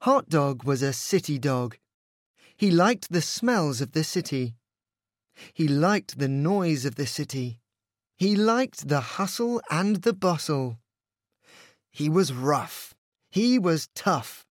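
A man reading a children's picture book aloud, slow and expressive, with a lively, sing-song rise and fall. The recording is close and dry. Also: on the high side, no echo. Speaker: storyteller. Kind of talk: storybook read-aloud.

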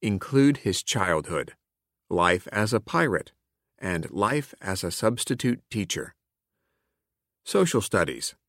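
A man reading a children's picture book aloud in a clear, expressive way, including its classroom activity prompts. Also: fairly low pitch, takes it slowly, long pauses, no room sound, studio quality. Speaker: storybook reader. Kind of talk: read-aloud children's story narration.

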